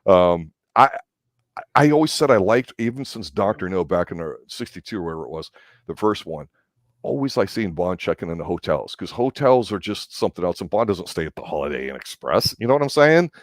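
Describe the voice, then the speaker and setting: A man chatting casually as a movie review host, rambling and excitable, with casual swearing. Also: low-pitched, a little fast, no room sound, clean studio sound.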